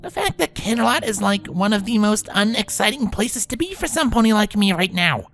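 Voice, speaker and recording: A woman's voice: medium pitch, lively intonation, brisk, soft background music, pitched above the performer's own voice, natural voice. A woman voicing a brash, tomboyish young female pegasus in a fan fiction reading, casual and teasing. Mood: bored.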